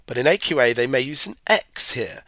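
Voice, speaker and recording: A man's voice: medium pitch, animated, fairly quick, fairly bright tone, dry recording. A man with hay fever, giving a chatty, rambling live-stream physics revision lesson and talking to his viewers. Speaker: physics tutor.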